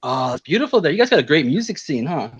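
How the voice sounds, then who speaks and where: Guy talking super fast, bit high voice, rambly and self-deprecating, dry mic. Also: big pitch swings, slightly rough, no room sound, highs cut off. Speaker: panel participant. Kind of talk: casual group video chat. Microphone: video call.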